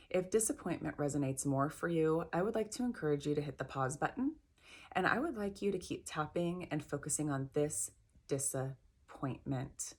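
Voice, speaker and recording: Low-voiced woman guiding a tapping session. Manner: gentle, encouraging, repeats phrases slowly. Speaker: tapping practitioner.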